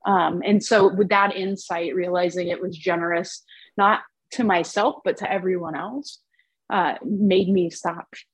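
A woman guest in a conversation, speaking reflectively and haltingly with many repeated words. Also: on the low side, steady tone, breathy edge, no room sound, low-quality recording. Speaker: interview guest. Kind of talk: casual conversational interview.

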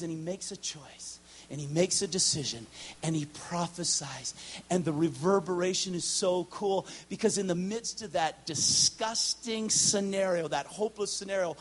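Give me a high-pitched man preaching a lively sermon, funny stories, loud bursts and soft whispers. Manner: swings from loud shouts to hushed whispers; storytelling, animated and humorous. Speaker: guest preacher. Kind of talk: charismatic sermon.

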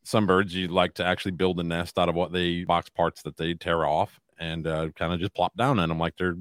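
Low-voiced, laid-back podcast man. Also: brisk, no echo, studio quality. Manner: relaxed storyteller, reads news items aloud. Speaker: podcast co-host. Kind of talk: casual podcast banter.

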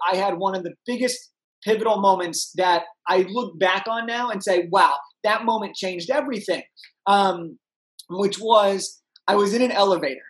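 A young man, a podcast guest, telling an energetic story and acting out the people in it. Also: sits high, rough recording. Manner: animated, acts out voices in his anecdotes.

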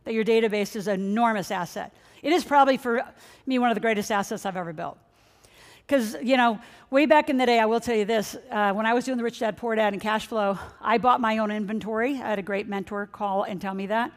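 A middle-aged woman, a financial coach, giving an energetic motivational seminar talk and speaking straight to her audience. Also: on the high side, fast talker. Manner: energetic, excitable, addresses the audience directly. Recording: long hall reverb.

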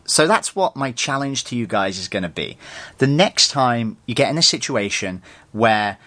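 Bright-voiced man telling a story. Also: mid-range voice, animated, normal speed. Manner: candid, storytelling, addresses listeners as "you guys". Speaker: podcast host. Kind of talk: solo motivational podcast talk.

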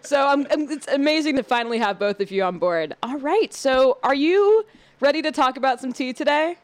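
Woman, podcast host, casual chat, bubbly, upbeat, lively swooping pitch. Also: slight background noise. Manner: bubbly, upbeat, quick reactions.

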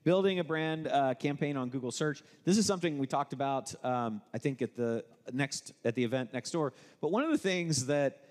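A man of mid pitch presents at a live workshop, explaining step by step in a chatty way. He often restarts his sentences. His voice rings out with a long hall reverb. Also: normal speed, hardly any pauses, darkish tone. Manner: conversational, explanatory, with frequent restarts. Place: event room with an audience.

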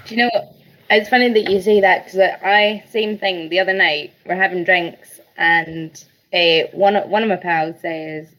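A woman on a podcast, telling anecdotes in a lively, chatty way. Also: mid-range voice, moderate pace, poor audio. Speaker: podcast guest. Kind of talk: casual podcast chat.

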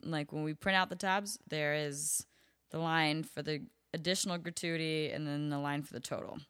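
A young woman talks in a low, smooth, resonant voice, spilling work stories in loose casual chat. Her speech is peppered with "like" and easy swearing, recorded close and dry. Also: steady tone, moderate pace, fairly bright tone, no echo. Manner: chatty, frequent "like" fillers, swears freely. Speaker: bottle service waitress, podcast guest.

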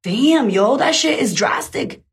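Fiery, blunt woman coach, husky voice. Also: fairly high pitch, expressive, unhurried. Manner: blunt, fiery, swears freely. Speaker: life coach. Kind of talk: motivational live talk. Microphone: phone.

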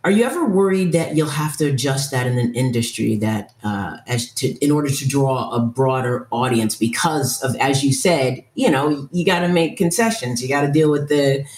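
An interview host offers affirming words and then poses a measured question. The voice sits at a middle pitch. The room adds a clear echo. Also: expressive, darkish tone. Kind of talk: conversational interview. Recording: roomy echo.

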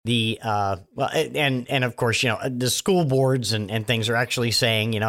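A man's voice: mid-range voice, fairly even intonation, moderate pace, hardly any pauses, fairly bright tone. A man giving a casual, sardonic monologue of political commentary, rambling with lots of fillers and restarts.

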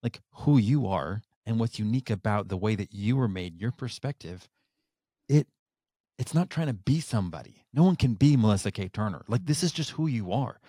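A man's voice: lowish voice, animated, normal speed, mellow, dry recording, studio quality. A man hosting a podcast interview, effusive and upbeat, filling his speech with "like". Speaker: podcast host.

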